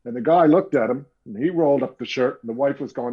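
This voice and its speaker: Husky-voiced man telling lively anecdotes. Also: medium pitch, quick pace, lo-fi sound. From Canada. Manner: animated anecdotes with quoted voices. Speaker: guest author. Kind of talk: storytelling interview talk.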